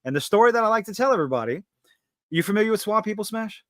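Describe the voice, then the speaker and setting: A man's voice: sits high, very fast, dry recording, studio quality. A man from South Louisiana with a Cajun accent, hosting a casual podcast and telling stories with animation. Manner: animated storytelling. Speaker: podcast host. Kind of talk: casual chat.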